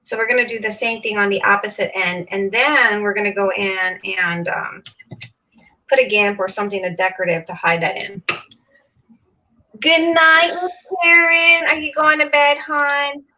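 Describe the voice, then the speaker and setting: A woman's voice: medium pitch, steady tone, moderate pace, sharp tone, rough recording. A woman in her fifties hosting a craft livestream, chatting casually, laughing often and greeting viewers by name. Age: 50s.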